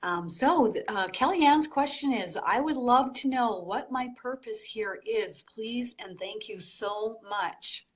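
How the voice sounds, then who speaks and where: Slow, soft-spoken woman medium. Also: fairly high pitch. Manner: slow, soft, relaying spirit messages. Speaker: psychic medium, group host. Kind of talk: live online channeling session.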